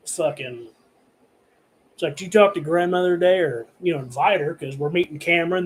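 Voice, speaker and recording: Man with a slightly high voice for a horror-review vlog, cussing constantly and wandering off track. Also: a little mellow, poor audio. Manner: heavily profane, rambling, filler-laden. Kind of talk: rambling casual rant to camera. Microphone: camera recording himself.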